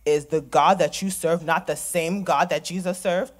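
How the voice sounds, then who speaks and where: A woman's voice: fairly low pitch, steady tone, normal speed, close to an everyday voice. An actress playing a young woman who is losing her faith and challenging her mother with sarcasm. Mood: bitter. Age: young adult. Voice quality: sarcastic, challenging, scornful laughs. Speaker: stage actor. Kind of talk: stage drama acting.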